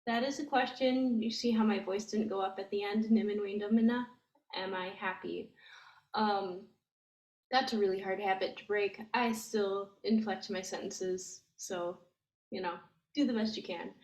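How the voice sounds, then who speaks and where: A woman teaching a language lesson, explaining gently and step by step with frequent ums. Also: mid-range voice, echoey room, slight background noise, rough recording. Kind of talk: slow, patient language lesson.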